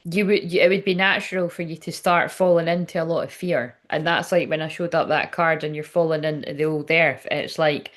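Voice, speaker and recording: A woman's voice: sits low, steady tone, a little fast, hardly any pauses. A woman giving a casual tarot reading, chatty and frank, swearing often and laughing as she talks. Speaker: tarot reader.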